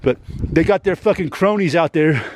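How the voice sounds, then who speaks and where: A man's voice: a little high, moderate pace, darkish tone. A man venting to his YouTube audience in a rambling, heavily profane monologue, ending many lines with "man.".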